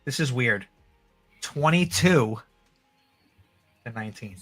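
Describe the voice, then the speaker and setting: A man co-hosting a sports podcast, chatting casually and excitably about football with slang like "yo" and "bro". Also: medium pitch, slow pace, soft background music.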